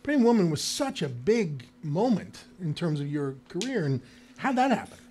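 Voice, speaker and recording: A man's voice: sits high, very animated, darkish tone, slight background noise. A man from Georgia, a guest actor, telling stories casually with jokey wisecracks on a live stage. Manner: jokey, quick interjections and wisecracks. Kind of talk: casual storytelling. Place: live stage before an audience.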